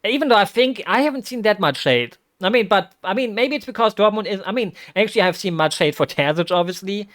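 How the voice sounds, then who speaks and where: A fairly high-voiced man, chattering through a live football watch-along as a vtuber. His talk rambles and restarts, then jumps into loud, excited exclamations. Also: fast, few pauses. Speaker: vtuber streamer.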